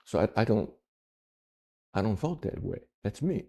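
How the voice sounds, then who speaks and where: A man giving video commentary, speaking deliberately with pointed questions and repeating himself for emphasis. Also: on the low side, sing-song, creaky, dark tone.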